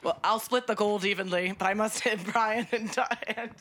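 A woman's voice: medium pitch, steady tone, moderate pace, a loud crowd. A woman playing a tabletop game, describing her actions between giggles. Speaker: player. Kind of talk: casual tabletop banter.

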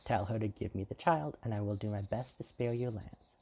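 A man with a gravelly voice reading the lines of a cold, stern warrior queen in a storybook. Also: lowish voice, fairly quick, a little mellow.

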